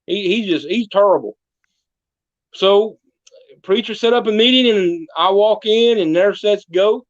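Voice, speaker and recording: Speaking a little slowly in a high voice, the man is heard on a dry recording with the highs cut off. He's portraying a small-town mayor, a folksy teller of comic tall tales, who does voices for his stories' characters in a podcast interview.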